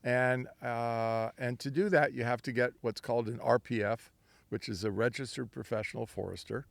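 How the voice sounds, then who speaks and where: A man's voice: mid-range voice, steady tone, normal speed, creaky, dry recording. Older man telling long anecdotes. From Southern California. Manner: rambling, anecdotal, acts out quoted voices. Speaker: winery founder. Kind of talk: storytelling interview.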